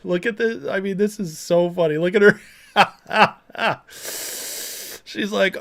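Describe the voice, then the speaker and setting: Man, livestream host, chatty, mocking, frequent laughter, slightly high pitch. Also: slow, gravelly, long pauses, a bit bright. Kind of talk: livestream political commentary, reading chat.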